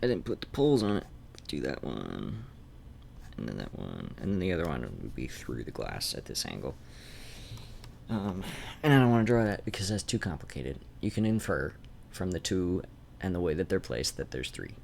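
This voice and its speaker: Talking to himself while he draws on stream, this man trails off and picks back up, his very deep, creaky voice swinging widely in pitch at an ordinary pace. A faint, Canadian-like North Idaho accent comes through, and the desk mic carries a slight hiss or hum.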